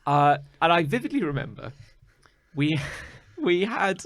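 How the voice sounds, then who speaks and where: A man's voice: fairly high pitch, very animated, a little slow, fairly bright tone, no room sound. A man co-hosting a podcast, chatting casually with a wry humour, often laughing between phrases. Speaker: podcast co-host. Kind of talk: casual chat.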